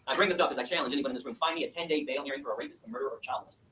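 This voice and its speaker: A man from Michigan giving an impassioned speech to an audience and taking questions, telling his story in a fast, emphatic, animated way. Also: mid-range voice. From Michigan, USA. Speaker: activist lecturer. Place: lecture room with audience. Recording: echoey room, distant mic, faint hiss.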